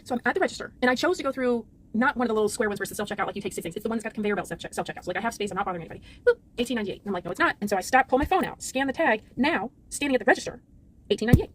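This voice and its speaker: Rapid-fire frazzled woman ranting. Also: a little high. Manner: rapid, exasperated, animated storytelling. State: frazzled, holding it together. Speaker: vlogger. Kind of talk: casual storytime rant.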